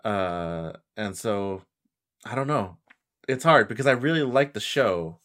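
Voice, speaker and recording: A man's voice: fairly low pitch, expressive, unhurried, a bit bright. A young man with the hiccups in casual chat about anime, easygoing and hesitant with many fillers.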